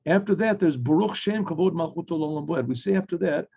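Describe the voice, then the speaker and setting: A rabbi giving a Torah class in a conversational way, acting out little dialogues and clearing his throat often. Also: a little high, a little fast, mellow. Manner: conversational teaching with homely examples and acted dialogue. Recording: muffled lo-fi recording.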